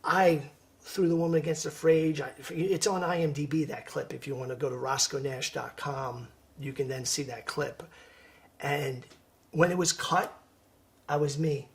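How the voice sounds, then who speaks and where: A man, an actor, speaking in a soft-spoken, earnest way as a podcast guest. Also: a little high, steady tone, normal speed. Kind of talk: casual interview chat.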